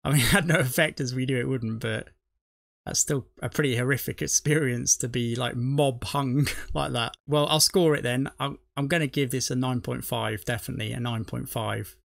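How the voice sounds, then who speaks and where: Chatty man with gravelly voice. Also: medium pitch, steady tone, normal speed, no echo, studio quality. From not from the US. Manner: chatty, rambling, laughs often, self-correcting. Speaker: reaction video host. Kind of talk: casual chat.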